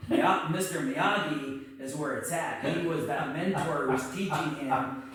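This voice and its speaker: A man teaching martial arts telling his life story in casual chat, relaxed and earnest. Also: a little high, measured pace. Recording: echoey room, mic far off.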